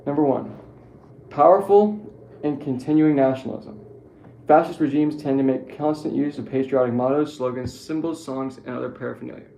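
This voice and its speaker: A man's voice: mid-range voice, moderate pace, vocal fry, dark tone, slight background noise. A man giving a rambling, profane political monologue who keeps correcting himself. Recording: echoey room with faint ambience.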